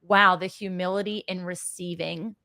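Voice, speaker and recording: A woman's voice: on the low side, steady tone, normal speed, bright, forceful tone, no room sound, clean studio sound. A woman, a mother and podcast guest, telling a heartfelt personal story in a casual chat, earnest and effusive. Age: adult with children.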